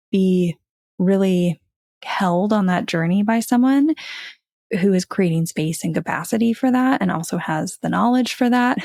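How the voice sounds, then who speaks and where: A woman's voice: mid-range voice, darkish tone, no room sound, clean studio sound. A woman hosting a podcast, talking in an earnest, reflective and upbeat way. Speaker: podcast host. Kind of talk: casual podcast chat and outro.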